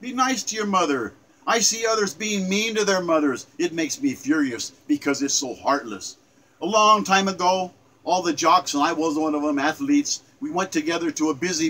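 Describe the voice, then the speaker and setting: Older guy in his 70s reading his sonnet, earnest, high voice, keeps repeating himself. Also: sharp tone, low-quality recording. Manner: earnest, emphatic, repeats phrases with small stumbles. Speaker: poet. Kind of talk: reciting his own sonnet to camera.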